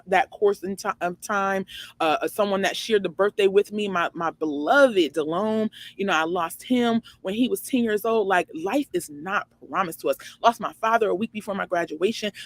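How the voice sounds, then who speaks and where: A woman's voice: moderate pace, no room sound. A woman in her forties hosting her own online show, giving an emphatic, preachy motivational faith talk full of rhetorical questions. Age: 40s. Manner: jumps high and loud for emphasis.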